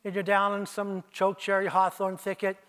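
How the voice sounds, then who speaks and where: An older man with a fairly high voice gives a presentation in an auditorium. He speaks to the audience as "you," pulling them into little stories. Every so often he breaks into imitations of owl calls. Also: monotone, brisk, a bit bright, clean tone. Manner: storytelling, addresses listeners as you, mimics owl calls. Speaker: owl researcher giving a festival talk. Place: arts center auditorium.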